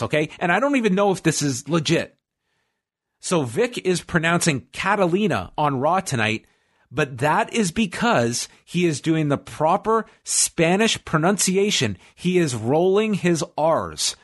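A podcast co-host with a fairly bright voice on the high side casually recaps a wrestling show. His delivery rambles and stops and starts, packed with fillers.

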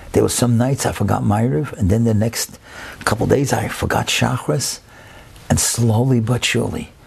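A man telling a story expressively, building slowly and dropping to a whisper at times. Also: medium pitch, vocal fry, darkish tone, breathy edge. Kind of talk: told personal-style story.

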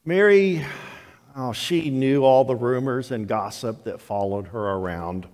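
An older man preaching a sermon as pastor, telling the story slowly and deliberately. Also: mid-range voice, fairly even intonation, darkish tone. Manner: slow, deliberate storytelling delivery. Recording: long hall reverb of a church.

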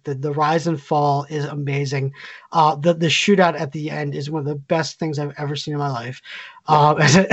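A man's voice: a little high, a bit bright. A man sharing firm opinions in a casual podcast conversation. He circles his points with fillers and restarts before landing them. The audio is a little dull and lo-fi. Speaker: podcast co-host. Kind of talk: casual chat.

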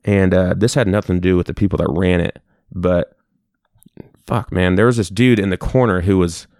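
A young man in his twenties casually telling a profane, animated story on a podcast. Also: deep voice, normal speed, no room sound, studio quality.

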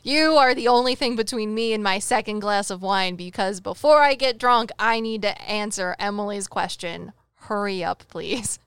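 A woman's voice: mid-range voice, normal speed, few pauses, smooth, no room sound. A woman co-hosting a chat show as a psychic medium, telling a story with jokes and acting out the dialogue. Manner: animated, jokey, acts out dialogue in quotes. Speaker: podcast co-host, psychic medium.

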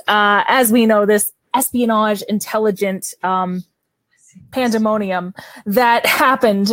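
A woman's voice: medium pitch, no room sound. A woman from Ontario with a Canadian accent, an author guest talking eagerly in a casual interview and laughing often.

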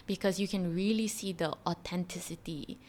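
A woman's voice: on the low side, fairly even intonation, moderate pace, a little mellow, a little hiss or hum. A woman co-hosting a podcast, chatting casually and animatedly retelling a story with lots of fillers. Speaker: podcast co-host. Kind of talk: casual conversational explanation.

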